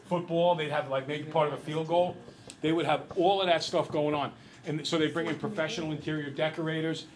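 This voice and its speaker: A man's voice: on the high side, a little fast, crowd noise, rough recording. Chatty man teaching a classroom math lesson. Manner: lively, chatty storyteller who quizzes the class. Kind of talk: classroom lecture with storytelling.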